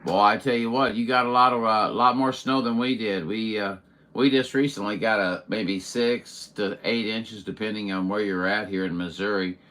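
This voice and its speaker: Running his own CB radio show, a man talks on the low side with a steady, fairly bright tone at a moderate pace. It's friendly, meandering radio chat loaded with fillers and jargon.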